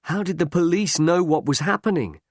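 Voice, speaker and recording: An anxious young hero with an earnest, questioning tone, voiced by a man reading a storybook. He speaks above the reader's usual pitch. The sound is dry and close to the mic. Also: animated, normal speed, slightly rough, dry recording.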